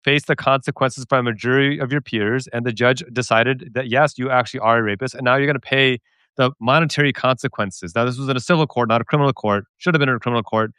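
A man's voice: medium pitch, fast, sharp tone, clean tone, no room sound, clean studio sound. A man hosting a political talk show, speaking emphatically and with indignation. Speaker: podcast host. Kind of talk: political discussion.

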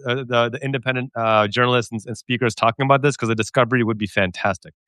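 A man hosting a talk show, arguing his point with emphatic indignation. His voice is smooth and resonant, recorded close and dry. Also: medium pitch, steady tone, fast talker, a bit bright, no room sound. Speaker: podcast host. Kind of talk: political discussion.

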